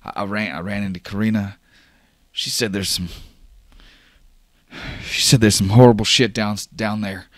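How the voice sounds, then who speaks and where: A man's voice: lowish voice, fairly even intonation, normal speed, pauses often, no room sound, studio quality, voice pushed up, lightly acted. A man voicing a panicked young male rig worker who stammers and repeats himself, worried for his grandmother. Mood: frantic.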